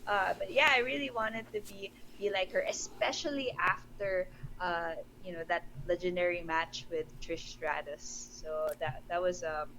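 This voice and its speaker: A woman's voice: on the low side, fairly even intonation, unhurried, fairly bright tone, slight background noise, low-quality recording. A young woman from the Philippines, a wrestler guest in a casual interview, talking with enthusiasm and giggles and often restarting her sentences.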